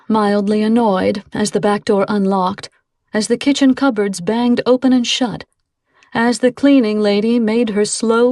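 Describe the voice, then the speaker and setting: A woman narrating an audiobook in a measured, suspenseful reading on a close microphone. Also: on the high side, a little mellow, no echo. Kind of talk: scripted narration.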